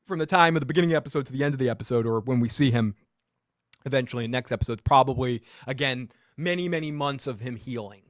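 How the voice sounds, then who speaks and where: A man's voice: mid-range voice, fast talker, dry recording, clean studio sound. A man hosting a podcast, casually recapping a TV episode with joking, sarcastic asides. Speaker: podcast host.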